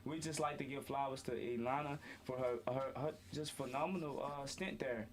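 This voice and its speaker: A man's voice: medium pitch, steady tone, moderate pace. A young man hosting a student sports talk show, playful and self-correcting, often calling out to the audience. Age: young adult. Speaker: host. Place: student media studio.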